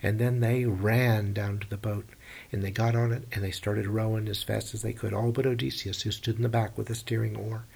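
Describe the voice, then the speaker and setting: Male storyteller retelling a myth aloud, folksy and animated, low gravelly voice. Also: a little fast. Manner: animated, plain-spoken retelling with folksy phrasing.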